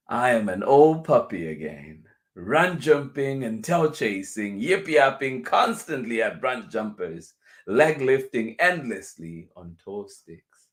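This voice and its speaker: A man reading a picture book aloud for children, going over each passage twice in a gentle way and chuckling softly between lines. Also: mid-range voice, sing-song, takes it slowly. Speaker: children's storyteller.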